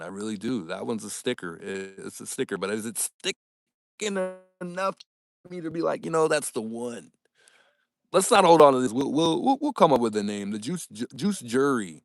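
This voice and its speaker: A young man hosting a casual livestream, upbeat and animated as he reads viewer comments and thanks his audience. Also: fairly low pitch, normal speed, no echo, studio quality. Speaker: livestream host.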